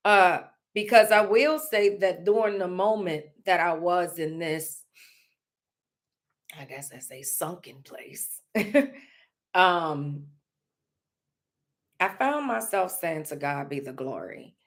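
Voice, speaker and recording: A woman's voice: on the low side, slow, long pauses. A woman vlogger talking openly and casually, rambling with many fillers and laughing now and then. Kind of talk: casual heartfelt vlog talk.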